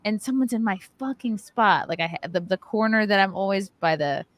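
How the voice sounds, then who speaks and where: A woman's voice: mid-range voice, expressive, fairly quick, no echo. A woman hosting a podcast, telling a story in casual chat with plenty of swearing and mocking put-on voices. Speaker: podcast host.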